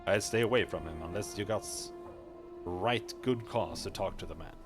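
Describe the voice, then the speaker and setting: Dude doing a gruff suspicious collector guy, slangy, lowish voice. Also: normal speed, music in the background, close to an everyday voice. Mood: wary. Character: wary, greedy male street collector in hooded robes.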